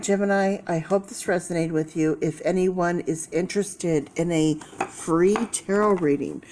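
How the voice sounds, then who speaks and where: A woman's voice: low-pitched, background noise. A woman doing a casual tarot reading to camera, thinking aloud and repeating key words as she explains the cards. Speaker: tarot reader.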